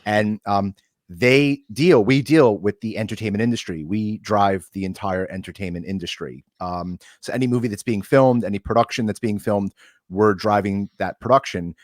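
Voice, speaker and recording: A man from the United States co-hosting an interview, telling stories in a lively way. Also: on the low side, moderate pace, dry recording, clean studio sound. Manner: lively storyteller. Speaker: co-host. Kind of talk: casual interview talk.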